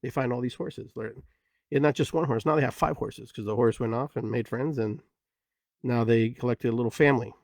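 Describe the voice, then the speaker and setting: A man's voice: mid-range voice, fairly quick, dry recording. Rambling reflective man, dry close sound. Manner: rambling, many "you know" fillers. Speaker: podcast host. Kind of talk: casual reflective storytelling.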